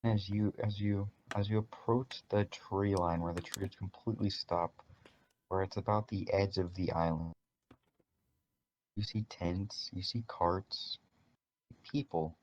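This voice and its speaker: A man with a very low voice runs a tabletop game, describing scenes in a loose, stop-and-start way. The audio sounds dull and lo-fi, like a voice call. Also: steady tone, a little mellow, slight background noise. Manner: casual, halting narration with repeated restarts. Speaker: game master.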